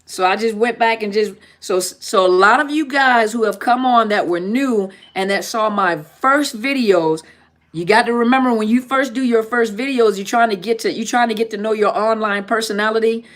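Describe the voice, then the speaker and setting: A woman's voice: a little high, normal speed. Joking woman therapist hosting a live chat. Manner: joking, repetitive, laughs often. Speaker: therapist and channel host. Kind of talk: casual live-stream chat.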